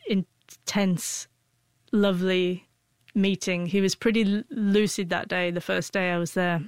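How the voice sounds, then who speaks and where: A woman's voice: fairly low pitch, little pitch movement, measured pace, clear, resonant tone, no room sound. A woman in her forties, an interview guest who stutters, with frequent broken-off sounds and restarts as she tells a personal story.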